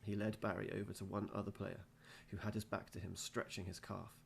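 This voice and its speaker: Gravelly man reading a storybook. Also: on the low side, steady tone, moderate pace. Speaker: teacher reading aloud. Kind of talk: storybook read-aloud.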